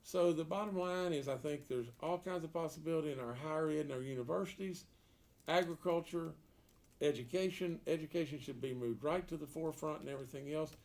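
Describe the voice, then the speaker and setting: At a meeting room table, a political candidate gives an editorial board an unscripted answer in a slightly high, brisk, creaky voice with a darkish tone. He is folksy and emphatic, leaning on repeated words and rhetorical questions.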